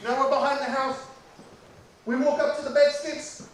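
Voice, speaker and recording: A man with a New Zealand accent telling a childhood story in an animated way, repeating lines for effect. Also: extremely high pitch, moderate pace, very echoey, far from the mic, slight background noise, rough recording.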